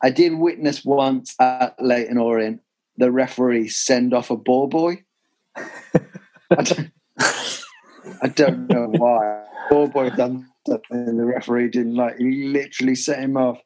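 A man's voice: mid-range voice, steady tone, unhurried, low-quality recording. A man hosting a casual football podcast, reading out listener questions and telling fan anecdotes. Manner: reads listener questions, tells anecdotes with shouted impressions. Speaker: podcast host. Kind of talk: casual chat.

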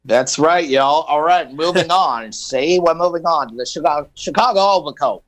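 A man's voice: on the high side, normal speed, fairly bright tone, a little hiss or hum, low-quality recording. Punning male radio host reading history. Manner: punning, playful. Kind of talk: reading history items with puns.

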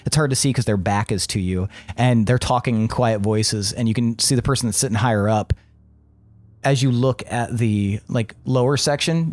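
Laid-back male game master. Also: mid-range voice. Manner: relaxed, laughing, loose. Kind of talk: casual tabletop game narration.

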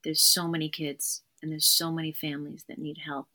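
A woman therapist, guesting on an interview podcast, speaks in a slightly low voice that is pushed and bright, a little fast and flat in delivery. She's conversational yet earnest and emphatic, often repeating her key phrases.

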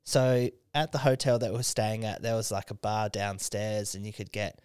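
Tipsy Australian man, smooth voice. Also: on the low side, flat delivery, moderate pace, a little mellow, dry recording, studio quality. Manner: swears constantly, laughs through stories. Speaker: podcast host. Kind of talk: casual drunk chat.

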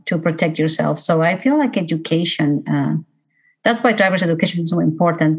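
A middle-aged woman, a bereaved mother, giving a halting, emotional personal testimony full of fillers and restarts. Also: low-pitched, low-quality recording. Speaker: bereaved mother speaking about road safety.

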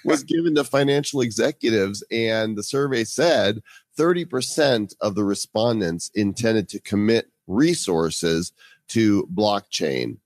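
Male host, lowish voice, dry close mic, emphatic news chat. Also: a little slow, dry recording. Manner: emphatic, indignant remarks. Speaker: podcast host. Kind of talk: casual chat, reading news stories.

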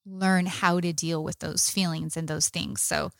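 A woman co-hosting a parenting podcast with her husband, speaking calmly and reflectively in casual conversation. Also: low voice, measured pace, gravelly, no room sound, studio quality. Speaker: co-host of a Christian parenting podcast.

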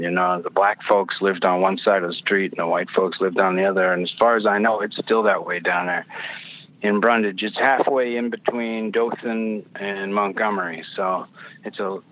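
A man talks through a narrow, phone-like connection, his voice sitting a bit low. He tells his stories in a loose, rambling way, restarting his sentences and dropping in a swear word here and there. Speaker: actor guest. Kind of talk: casual podcast interview. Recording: phone-line quality audio.

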